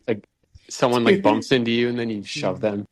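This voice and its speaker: A man's voice: mid-range voice, big pitch swings, normal speed, no room sound. A man co-hosting a podcast in casual chat, laid-back and full of "like" and "kinda" fillers. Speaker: podcast co-host.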